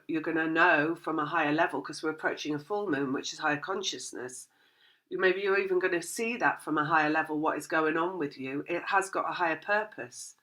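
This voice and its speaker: Bright-voiced chatty woman tarot reader. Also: low voice. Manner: rambling, chatty, laughs often; acts out the thoughts of her listeners. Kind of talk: casual spoken tarot reading.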